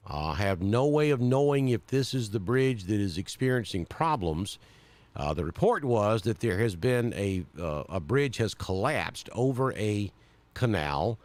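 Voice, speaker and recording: A man's voice: lowish voice, darkish tone, no room sound. A man from central Alabama with a Southern accent, giving live storm coverage as a weather broadcaster and thinking aloud with many fillers.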